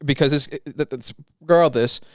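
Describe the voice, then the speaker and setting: A man's voice: fairly high pitch, moderate pace, dry recording, clean studio sound. A young man co-hosting a podcast, telling a story in casual chat, swearing freely. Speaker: podcast co-host.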